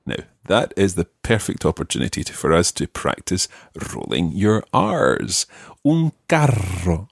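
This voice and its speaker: A male language teacher with a low, gravelly voice that swings lively up and down as he explains. He models the sounds slowly and patiently and pokes fun at his own mistakes. The sound is husky and dry, close to the mic. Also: dry recording. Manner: self-deprecating. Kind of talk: teaching pronunciation.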